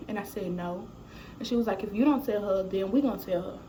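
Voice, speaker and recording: Young woman, vlogger, animated storytelling, mellow tone. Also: medium pitch, fast talker, a little hiss or hum, poor audio. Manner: casual, animated retelling with quoted dialogue. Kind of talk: storytime vlog.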